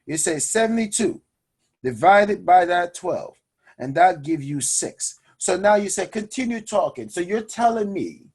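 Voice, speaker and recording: A man hosting a personal finance show, talking to his audience in an energetic, preachy way and calling them guys. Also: fairly high pitch, slightly rough. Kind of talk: energetic motivational money talk.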